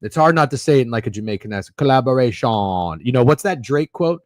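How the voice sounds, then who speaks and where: A man's voice: medium pitch, animated, fast talker, dry recording, studio quality. A man in his thirties hosting a sports betting podcast, chatting casually in a rambling, opinionated and profane way while reading live comments.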